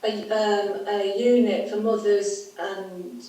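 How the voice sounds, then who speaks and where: A woman's voice: mid-range voice, steady tone, mellow. A woman with a northern English Cumbrian accent, asking a question frankly on a video call, laughing now and then. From Kendal, Cumbria, England. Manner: frank, laughing, quick when heated. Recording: echoey room, far from the mic, faint background noise.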